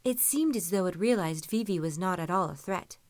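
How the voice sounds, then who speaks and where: A woman narrating a story in an even, measured reading voice. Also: lowish voice, no echo. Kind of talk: audiobook-style story reading.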